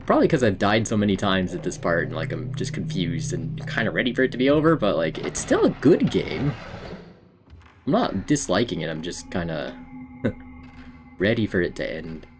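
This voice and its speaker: A man's voice: sits low, very animated, normal speed, a little hiss or hum. A man streaming a horror game, chatting in a casual, rambling way to himself and his viewers and laughing often. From United States. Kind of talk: casual gameplay commentary.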